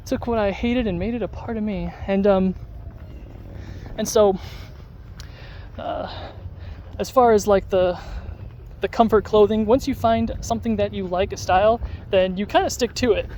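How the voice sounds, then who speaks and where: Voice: mid-range voice, fairly even intonation, normal speed, darkish tone, a little hiss or hum. An adult vlogger talking casually to the camera while out on a dog walk, rambling with lots of fillers and restarts. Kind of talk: casual vlog talk to camera.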